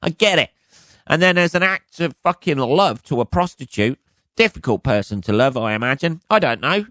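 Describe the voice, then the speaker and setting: Hoarse, foul-mouthed man rambling on a podcast. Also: medium pitch, expressive, moderate pace, a bit bright, no echo. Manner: rambling, swears constantly, jokey asides. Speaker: podcast host. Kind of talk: casual solo podcast monologue.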